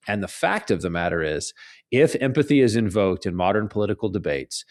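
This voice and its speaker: A fairly low-pitched man speaks as a guest author in a conversational interview. He argues earnestly and with animation, and he often stumbles and restarts his sentences. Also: animated, brisk, a little mellow.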